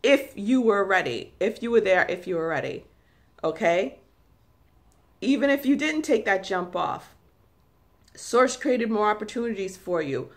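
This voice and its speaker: Emphatic New York woman spiritual vlogger. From New York City. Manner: emphatic, repetitive, high-pitched bursts. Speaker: spiritual channel host. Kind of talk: spiritual vlog talk.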